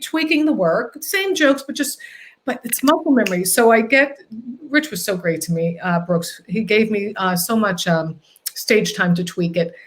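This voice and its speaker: A woman hosting a casual interview, telling stories in a lively way and acting out what people said. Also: medium pitch, normal speed. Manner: animated storyteller, acts out quotes. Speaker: host.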